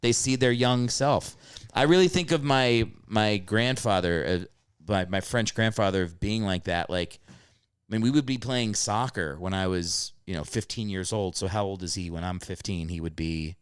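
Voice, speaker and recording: A man with a smooth, resonant voice hosts a casual comedic podcast chat. He rambles and gets animated, jumping into squeaky high voices to act out stories. The sound is dry and close to the mic. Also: normal speed, dry recording. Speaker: podcast host.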